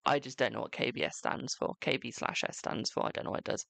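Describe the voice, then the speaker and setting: A man's voice: mid-range voice, fairly even intonation, quick pace, creaky, sharp tone, no room sound. A British man chatting casually on a live stream as a tarot reader, talkative and self-mocking, swearing now and then.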